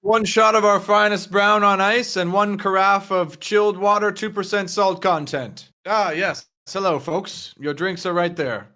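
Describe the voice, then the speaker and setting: A prim, overly courteous doorman, played by a game master putting on the voice. He pitches his voice higher than his own and louder, and draws his words out slowly, as if savoring each one. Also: steady tone. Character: fussy, overly polite male doorman.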